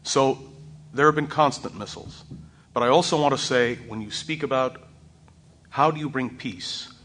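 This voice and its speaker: A man speaking on a panel, blunt and deliberate, pressing his points firmly. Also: mid-range voice, a bit bright. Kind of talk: panel discussion.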